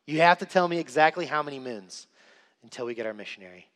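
An insistent older tribal elder, his pressing questions hanging in a long hall reverb, as a preacher puts him on. His voice sits fairly high for a man. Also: lively intonation, fast talker, a bit bright. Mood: pleading.

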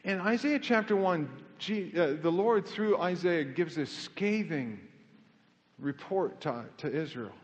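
Middle-aged pastor, high voice, mixing jokes with urgent preaching in a reverberant church; sound a bit muffled. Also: male voice, expressive, unhurried. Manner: conversational preaching with self-deprecating humor, rising to fervent emphasis. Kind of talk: sermon. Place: church sanctuary.

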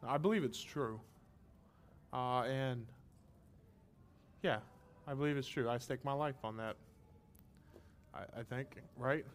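A man's voice: medium pitch, slow pace, long pauses, a little hiss or hum. A man preaching a sermon as pastor, emphatic and impassioned, asking rhetorical questions, his throat a little strained.

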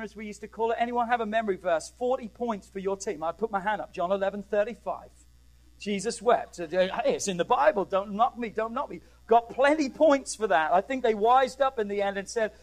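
A man's voice: on the high side, slight background noise, low-quality recording. A man preaching a rousing sermon, calling out to his congregation and urging them to answer back. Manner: rousing, call-and-response with the congregation.

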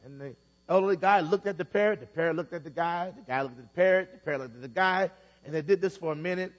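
A high-voiced male pastor preaches in a church, spinning a story and repeating phrases for emphasis. His voice rings through a big hall with a long echo, and the recording has a dull, muffled sound. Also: fast talker. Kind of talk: sermon.

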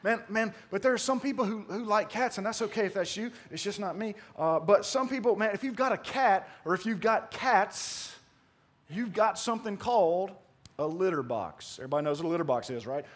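A man giving a conversational sermon, swinging from loud emphatic bursts to hushed asides and often saying "man". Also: high voice, expressive, brisk. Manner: conversational preaching with repeated "man". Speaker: pastor.

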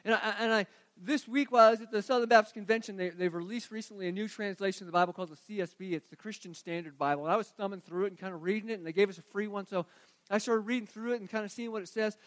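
A man with a strikingly high voice delivers a sermon, moving between hushed scripture reading and emphatic, rising appeals. The sound is close and dry, with no room around it. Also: very fast, no echo. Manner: earnest preaching, swings from quiet reading to emphatic rising delivery. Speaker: pastor.

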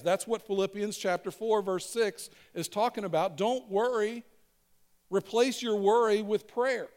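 Man, pastor, high voice, conversational sermon, long reverb of a church hall. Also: darkish tone. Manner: conversational, repeats lines for the congregation to echo.

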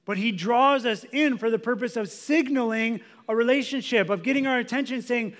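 A man's voice: very high-pitched, normal speed, fairly bright tone. A man preaching a sermon as a pastor, in a conversational way, often saying "like" as he explains. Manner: conversational, filler "like".

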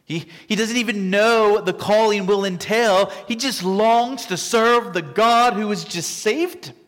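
A man preaching a sermon, dramatic and vivid, acting out the scripture quotes with big shifts between loud and quiet. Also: high-pitched, a little slow. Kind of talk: expository sermon. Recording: long reverb from a large hall.

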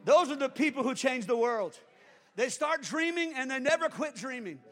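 Older man, pastor, very high bright voice, fervent preaching, echoing church hall with music. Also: lively intonation, moderate pace. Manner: builds to fervent shouting preaching. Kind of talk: sermon. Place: church sanctuary.

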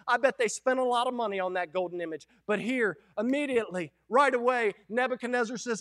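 High-voiced impassioned male pastor. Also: brisk, few pauses. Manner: impassioned preaching, swings from hushed to loud. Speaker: Baptist pastor. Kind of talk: sermon.

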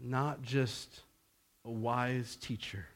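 A preacher speaks with a steady tone, slow and deliberate. When he wants to stress something, his voice swells in both pitch and intensity.

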